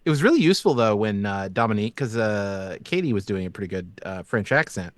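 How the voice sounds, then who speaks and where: A man who runs the game, chatting casually on the show in a relaxed, joking way that trails off. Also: on the low side, fast, no echo. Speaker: game master and co-host. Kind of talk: casual chat.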